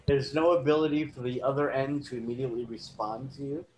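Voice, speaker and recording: Brief: plain-spoken man, mid pitch, conversational. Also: fairly even intonation, fast talker, darkish tone, slight background noise, rough recording. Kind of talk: casual chat.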